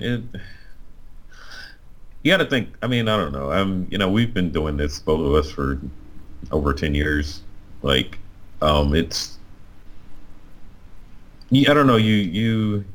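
Chatty male podcast co-host, low voice, animated and self-deprecating. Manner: animated, self-mocking, full of fillers. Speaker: co-host, designer and painter. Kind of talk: casual podcast chat.

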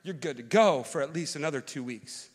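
A man preaching as pastor, telling an animated personal story that swings from loud rants to quiet, earnest reflection. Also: a little high, brisk. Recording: long hall reverb.

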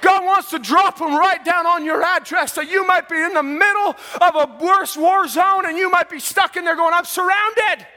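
A man preaching a fervent sermon in church, shouting praise and swinging between loud and soft. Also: very high-pitched, fairly even intonation, moderate pace, few pauses, long reverb tail. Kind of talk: pentecostal sermon. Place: church sanctuary.

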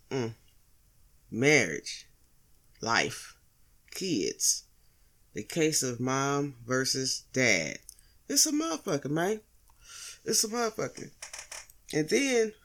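Profane, rambling man with higher pitch. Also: a bit bright. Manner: rambling, heavy profanity, rhetorical questions. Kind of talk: profane monologue commentary.

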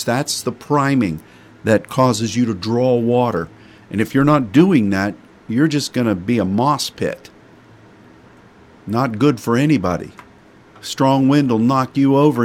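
A middle-aged male preacher delivering a sermon in a folksy manner. He speaks slowly and deliberately, with a mid-range voice. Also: mid-range voice, darkish tone. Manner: folksy, with homespun sayings.

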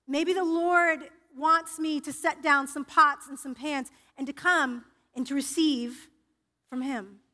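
A woman preaching with a high, bright voice that rings through a reverberant sanctuary. She speaks in a personal, confessional way and often restarts her sentences. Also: steady tone, takes it slowly. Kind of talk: sermon. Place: church sanctuary. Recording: reverberant church hall.

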